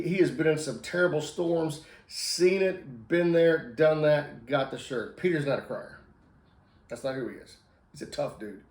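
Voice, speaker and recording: Man preacher, mid pitch, earnest storytelling sermon with acted-out quotes, echoey room. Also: a little mellow. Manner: earnest storytelling, acts out quoted lines, repeats for emphasis. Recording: roomy echo.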